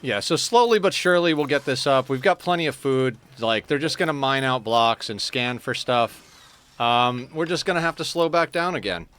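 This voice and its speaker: A man's voice: lively intonation, normal speed, a bit bright, clear, resonant tone. A man streaming a game and chatting casually, his voice a little sore from talking all day. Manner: coos to his cat in a high sing-song baby voice. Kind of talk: casual gaming stream chat.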